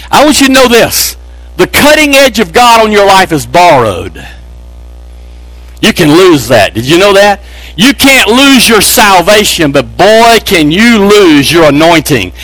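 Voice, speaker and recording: A man's voice: a bit bright, no echo, poor audio. A man from Texas, preaching a sermon with emphatic, rising delivery. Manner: emphatic, pitch climbing on key phrases. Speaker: pastor.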